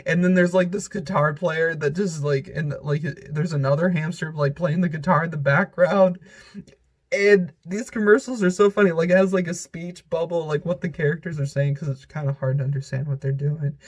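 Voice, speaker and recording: A vlogger with a somewhat high-pitched male voice rambles through a countdown, giggling often. His talk is loose and filled with filler words, with a casual, unscripted feel. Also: fairly even intonation, normal speed.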